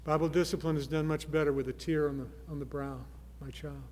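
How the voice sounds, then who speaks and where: A man's voice: fairly high pitch, fairly even intonation, brisk. Earnest man preaching in a reverberant hall. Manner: earnest, swings between soft pleading and loud emphasis. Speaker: pastor. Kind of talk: sermon.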